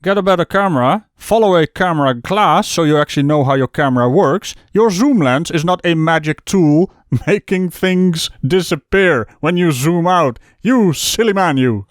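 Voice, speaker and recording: Sarcastic man with a lively high voice. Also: moderate pace, no room sound, studio quality. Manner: mocking, sarcastic, laughs at clips. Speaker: debunking commentator. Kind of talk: sarcastic reaction commentary.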